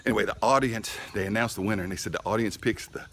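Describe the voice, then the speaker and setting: A man's voice: on the low side, very fast, a bit bright. Folksy man rambling about barbecue. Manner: folksy, rambling, chatty storyteller. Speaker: barbecue channel host. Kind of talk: casual storytelling vlog. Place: outdoors in his yard at the smoker.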